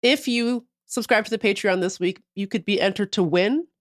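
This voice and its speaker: A woman's voice: medium pitch, moderate pace, no echo, clean studio sound. A woman co-hosting a podcast livestream, chatting casually and ranting with mock outrage and plenty of swearing. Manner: animated, profane, mock-outraged storytelling. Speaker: podcast co-host.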